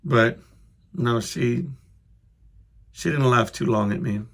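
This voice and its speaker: A man with a gravelly, creaky edge to his mid-pitched voice tells a story on his own podcast. He rambles, cuts himself off and restarts, and chuckles along the way. His tone stays loose and conversational. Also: takes it slowly. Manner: rambling, self-interrupting, chuckling as he goes. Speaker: podcast host. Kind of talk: casual storytelling monologue.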